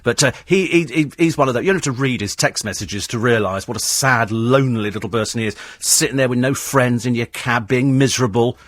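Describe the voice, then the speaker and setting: A man's voice: mid-range voice, fairly quick, fairly bright tone, dry recording. A man hosting a talk radio phone-in, combative and sarcastic as he answers listener texts in a studio. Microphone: studio microphone.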